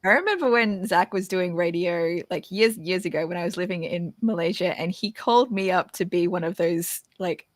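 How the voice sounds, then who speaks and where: A young woman hosting a casual chat, candid and animated, laughing often. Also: lowish voice, moderate pace, few pauses, no echo, clean studio sound. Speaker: podcast host.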